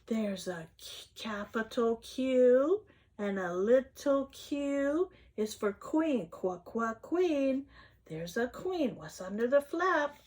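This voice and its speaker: Slow, lively woman reading to kids. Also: fairly high pitch. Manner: slow, sing-song phonics sounding out, gasps at flaps. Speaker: children's read-aloud host. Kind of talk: reading an alphabet book aloud to children.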